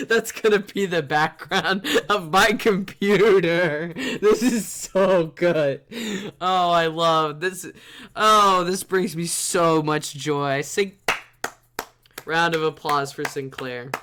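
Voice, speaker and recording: A streamer giving live gameplay commentary, giddy and laughing constantly, with excited exclamations. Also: medium pitch, extremely slow.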